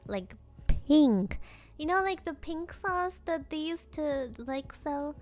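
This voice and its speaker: A woman's voice: high voice, measured pace, soft background music. A young woman streamer chatting casually with her viewers, telling rambling stories full of fillers and giggles. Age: young adult.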